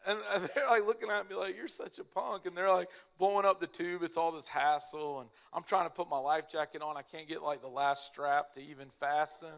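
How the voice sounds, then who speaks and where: Animated man telling a funny story. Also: a little high, fairly quick, few pauses. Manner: animated, laughs through his own story. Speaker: speaker at a church family event. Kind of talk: humorous storytelling to a live audience.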